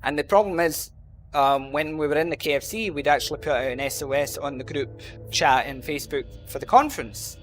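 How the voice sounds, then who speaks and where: A man's voice: fairly high pitch, fairly quick, fairly bright tone, soft background music. A man with a mild Glasgow Scottish accent telling a long story in a rambling, casual way, full of ums and you-knows. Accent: Glasgow Scottish, softened. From Scotland. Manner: rambling, lots of "um" and "you know". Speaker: gaming channel host. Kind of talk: casual storytelling over gameplay.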